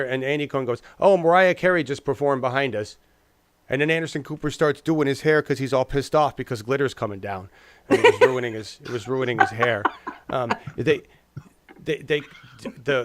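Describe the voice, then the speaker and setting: A man's voice: medium pitch, fairly bright tone, no echo. A man co-hosting a casual political chat, rambling and restarting his words, slipping into mocking impressions. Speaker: podcast co-host.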